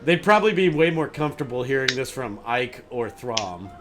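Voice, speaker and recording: A man's voice: medium pitch, sing-song, normal speed, over music. A man playing a tabletop game, chatting casually with restarts and swearing. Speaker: player.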